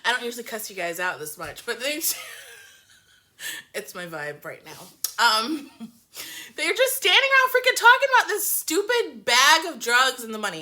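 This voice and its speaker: A woman giving a casual reaction review of a TV show in animated, profane, rambling rants. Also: a little high.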